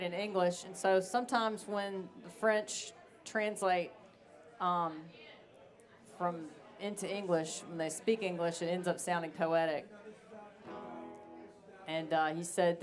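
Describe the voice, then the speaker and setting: A woman's voice: lowish voice, steady tone, unhurried, soft background music. A woman singer-songwriter, talking candidly and bluntly between songs on a live stage. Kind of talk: between-song stage talk.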